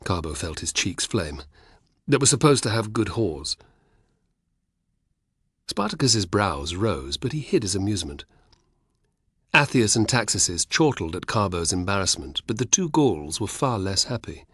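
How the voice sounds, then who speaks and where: Husky low-voiced male audiobook narrator. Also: a little slow, long pauses, no room sound, studio quality. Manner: steady storytelling.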